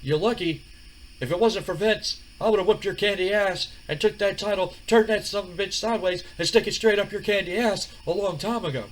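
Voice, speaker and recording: Here is a swaggering, boastful movie-star wrestler who always speaks of himself in the third person, as a man puts him on. The voice sits a few notes higher than usual and comes out loud and pushy. The whole attitude is that nothing and nobody is worth his time. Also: brisk, poor audio.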